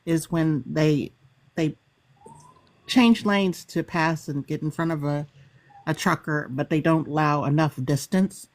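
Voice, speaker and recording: A woman's voice: deep voice, steady tone, unhurried. A woman chatting on a video call, laughing and complaining bluntly with some swearing. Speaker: group chat participant. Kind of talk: casual profane chat on a video call.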